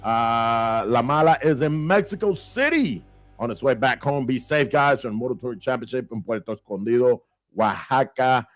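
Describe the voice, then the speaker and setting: A man hosts a relaxed livestream and calls out names with lively energy, slipping easily into Spanish phrases. Faint music plays underneath his voice. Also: medium pitch, normal speed, no room sound. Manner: lively, shout-outs to viewers, mixes in Spanish phrases. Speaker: show host. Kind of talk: casual livestream chat.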